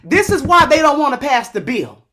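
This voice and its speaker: An American online commentator with a high, sing-song voice delivers an impassioned political rant to camera at a moderate pace. Exasperated and emphatic, sometimes shouting, he fires off repeated rhetorical questions and calls his viewers "y'all."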